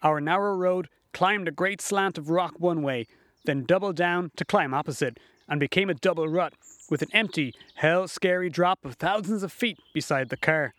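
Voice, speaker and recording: Male narrator, folksy first-person storyteller, slightly high voice, dry read. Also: moderate pace, a bit bright, no echo.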